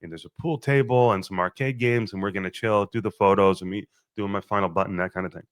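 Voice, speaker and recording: A young adult man hosting his podcast, telling a profane, animated wedding story and acting out his own quoted lines. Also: deep voice, quick pace, dry recording. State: a little thirsty, just woke up. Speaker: podcast host. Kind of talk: casual storytelling monologue.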